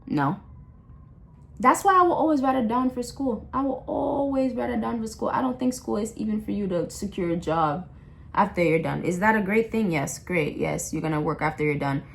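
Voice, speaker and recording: A woman's voice: mid-range voice, normal speed, gravelly. A young adult woman in a blunt, impassioned rant, slangy and full of repeats and restarts. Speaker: vlogger. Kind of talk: casual ranting monologue.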